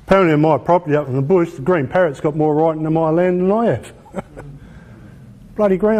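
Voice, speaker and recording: Australian male presenter, slightly high-pitched, emphatic and colloquial, informal lecture delivery. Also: mellow. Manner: emphatic, colloquial, rhetorical questions.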